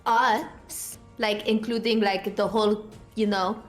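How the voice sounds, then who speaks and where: A woman's voice: mid-range voice, steady tone, slow pace, soft background music. A woman playing in a tabletop game, talking casually with lots of filler words. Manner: chatty, filler-heavy. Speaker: player.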